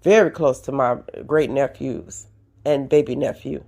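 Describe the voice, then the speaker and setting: A seasoned woman hosting an advice podcast, talking straight to her listeners in an animated, preachy way. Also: rumbling low, normal speed, vocal fry. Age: older. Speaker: podcast host. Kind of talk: casual advice talk.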